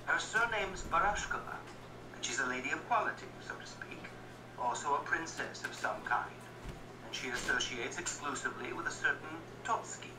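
A man's voice: a little high, noisy background, voice pushed up, lightly acted. A man voicing an obsequious, gossipy official who talks in an eager, ingratiating, sometimes stammering way. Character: fawning obsequious male official, gossipy know-it-all. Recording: roomy echo, distant mic, music behind.

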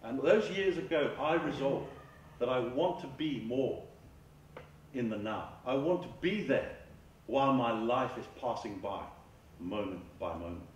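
A man's voice: mid-range voice, animated, a little hiss or hum. Male speaker, reflective school-hall lecture, heard from a distance with lots of hall echo. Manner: measured, earnest, repeats words as he speaks. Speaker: mindfulness therapist giving a lecture. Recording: echoey hall, far from the mic, faint ambience.

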